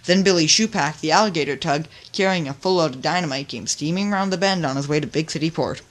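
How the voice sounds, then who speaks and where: Soft, steady storybook narrator. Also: medium pitch, fast.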